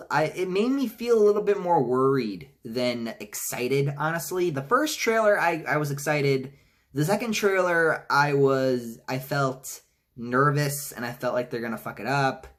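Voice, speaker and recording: A man giving a casual trailer reaction, rambling with many restarts and some swearing, and mocking lines in high-pitched voices. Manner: rambling, frequent restarts and profanity. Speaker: movie reviewer.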